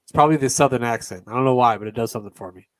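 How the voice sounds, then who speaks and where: A man's voice: mid-range voice, racing, dry recording. A man in his thirties hosting a podcast, chatting casually and rambling with lots of fillers. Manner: relaxed, rambling with many fillers. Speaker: podcast host. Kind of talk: casual chat.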